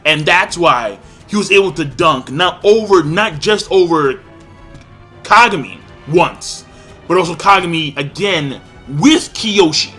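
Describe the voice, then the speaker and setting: An excitable man talks through a casual review in a bright, forceful voice that sits a little high. He keeps breaking into acted-out lines with sudden leaps in pitch. Faint music plays underneath. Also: a little slow, breathy edge. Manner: excitable, acts out characters' lines with big pitch jumps. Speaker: anime reviewer.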